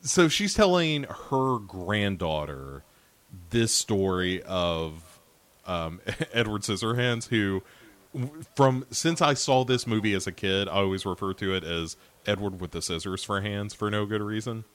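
A man's voice: on the low side, animated, measured pace, fairly bright tone. A man hosting a podcast, chatting casually about films in a rambling, self-deprecating way. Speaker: podcast host.

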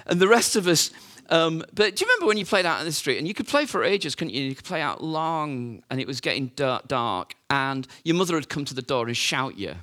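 A man's voice: fairly high pitch, very animated, fairly quick, few pauses, pushed and bright. A man preaching a sermon, telling the story in a conversational way with rhetorical questions and fillers.

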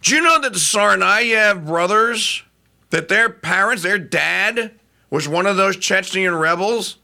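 Man, middle-aged, talk radio host, lively swooping pitch, rambling restarts. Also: measured pace, vocal fry. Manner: animated, rambling with frequent restarts.

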